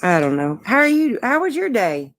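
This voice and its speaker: A woman's voice: on the high side, big pitch swings, normal speed. A woman from Texas, a guest on a casual livestream chat, rambling in a goofy, self-mocking way.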